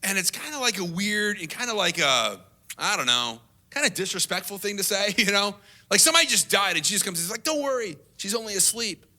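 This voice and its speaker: A lead pastor preaching a sermon in a conversational way, acting out quotes in a higher voice and dropping to a soft hush at tender moments. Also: male voice, very animated, fairly quick. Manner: conversational, acts out quotes with rising pitch.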